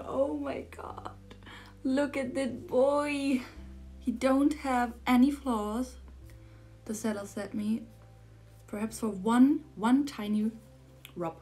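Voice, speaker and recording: A young woman from Germany, whose first language is German, gushing with breathless excitement as she unboxes a model horse for her vlog and repeats herself often. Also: fairly high pitch. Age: young adult. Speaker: model horse collector vlogger.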